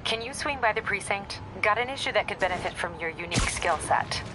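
An actor playing a calm, businesslike male police captain over background noise. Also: high voice, a little fast, over music, poor audio. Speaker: police officer.

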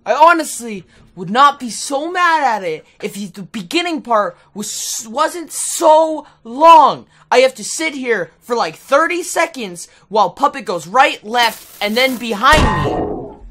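Young woman playing a horror game, lively swoopy voice, bright, slow talker, cursing a lot. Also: fairly high pitch, poor audio. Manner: frustrated, exclaiming, swearing. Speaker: gaming video host. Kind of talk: let's play commentary.

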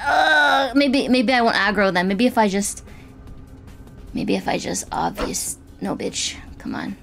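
A woman's voice: medium pitch, unhurried, vocal fry, a bit bright, soft background music. A woman commenting casually while playing a game, swearing and squealing when startled. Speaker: gaming streamer. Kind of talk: casual let's-play commentary.

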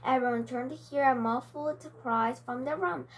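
A woman's voice: sits high, moderate pace, rough recording. A woman reading a children's storybook aloud carefully, with small slips and restarts. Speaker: reader.

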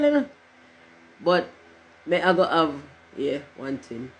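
A woman's voice: deep voice, a little slow, long pauses, poor audio. A middle-aged woman, chatting casually on a livestream in a rambling, joking way and cursing freely. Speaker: livestream host.

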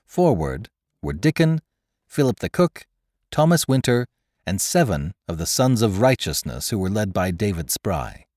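A man narrating an adventure story in a dramatic storytelling manner, dropping low and quiet for dialogue. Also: big pitch swings, a little slow, no echo, clean studio sound. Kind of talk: scripted narration.

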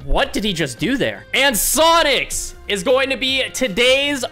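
High-pitched excitable gaming commentator. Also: male voice, a little slow, faint music behind. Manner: excitable, yelling at teammates. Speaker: gaming YouTuber. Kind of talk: gameplay commentary.

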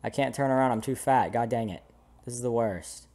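A man's voice: medium pitch, fairly quick, dark tone. A young man doing comedic commentary over a video game, goofy and jokey with sudden dramatic outbursts. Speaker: gameplay commentator. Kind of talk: comedic let's play commentary.

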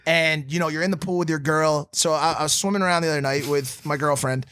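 A man hosting a podcast, telling a story in a casual, animated, profane way, laughing as he goes. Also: on the high side, fast talker. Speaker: podcast host.

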